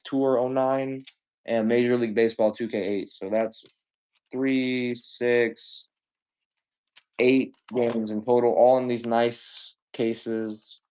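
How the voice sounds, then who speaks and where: A man selling used games on a livestream, rambling casually with profane jokes and shout-outs to chat. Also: medium pitch, fairly even intonation, takes it slowly, clear, resonant tone. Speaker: live sale seller.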